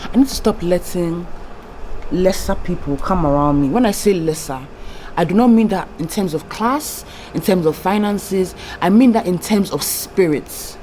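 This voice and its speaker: A woman's voice: on the low side, lively intonation, normal speed, dark tone, slight background noise, low-quality recording. Candid young woman on a confessional vlog. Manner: candid, rambling, heartfelt. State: tearful, trying not to cry. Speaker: YouTube vlogger.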